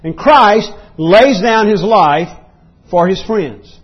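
Husky-voiced man preaching a sermon. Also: sits high, expressive, takes it slowly, dull audio. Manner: emphatic preaching that rises into voiced outbursts; clears throat often, repeats words. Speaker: pastor. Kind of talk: expository sermon.

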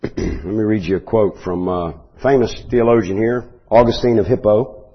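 Husky guy preaching, slow explaining tone, kinda dull lo-fi sound. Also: fairly low pitch, steady tone. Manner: measured, explanatory, with restarts and asides. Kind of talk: Bible teaching sermon.

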